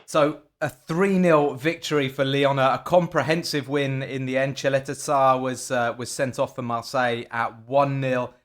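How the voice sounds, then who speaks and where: A man hosting a football podcast in a casual, chatty way, often pausing on fillers and restarting his sentences. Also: medium pitch, fairly even intonation. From England. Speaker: podcast host.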